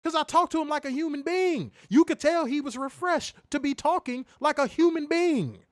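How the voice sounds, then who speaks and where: High, animated male host, emphatic and profane, dry close sound. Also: moderate pace, no room sound. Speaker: podcast host reviewing wrestling. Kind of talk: casual ranting review.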